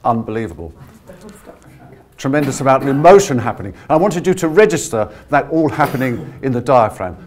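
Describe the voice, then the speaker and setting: Energetic man coaching a live audience. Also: mid-range voice, fairly quick, a faint crowd. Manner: energetic, encouraging, leads the audience through exercises. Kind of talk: live workshop demonstration. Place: conference room with a live audience. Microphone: no handheld mic, projecting to the room.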